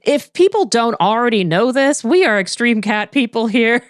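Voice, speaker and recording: A woman's voice: animated, measured pace, dry recording, studio quality. A woman co-hosting a podcast, chatting playfully and bubbly about the episode. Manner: playful, bubbly, big swings in pitch. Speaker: podcast co-host. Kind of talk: casual podcast recap chat.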